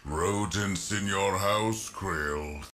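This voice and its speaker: Slow, mocking game villain. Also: male voice, low-pitched, fairly bright tone, exaggerated voice. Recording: echoey game audio with noise.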